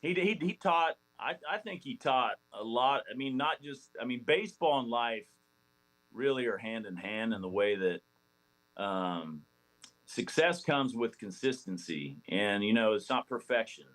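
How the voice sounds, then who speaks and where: A man in his forties, a former ballplayer guesting on a podcast, telling stories in a rambling, animated way with many restarts. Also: mid-range voice, unhurried, low-quality recording. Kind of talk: casual storytelling interview.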